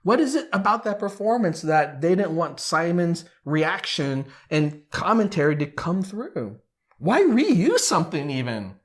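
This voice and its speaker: A man's voice: fairly high pitch, big pitch swings, measured pace. A man hosting a casual commentary, talking animatedly and asking many rhetorical questions. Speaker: YouTube commentator.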